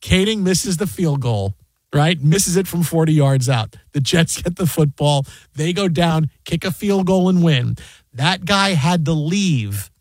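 A man co-hosting a sports radio show, telling animated stories in casual banter from the studio. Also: fairly high pitch, a little slow, no room sound. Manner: animated storyteller, acts out crowd voices.

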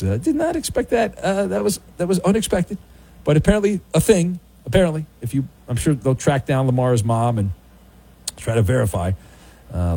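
A man's voice: mid-range voice, a little mellow, breathy edge. A man hosting a sports talk radio show, bantering with callers and running through football news. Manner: brisk, bantering, jumps between callers and news.

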